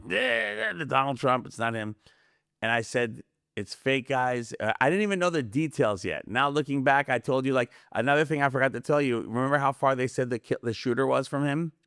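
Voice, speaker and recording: A man rambles through stories on a podcast, jumping between tangents and mimicking the people he quotes. His pitch sits in the middle range. The recording is close and dry. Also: a little fast, creaky, smooth, no echo. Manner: rambling, animated, acts out quoted voices. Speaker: podcast guest. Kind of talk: casual conspiracy podcast chat.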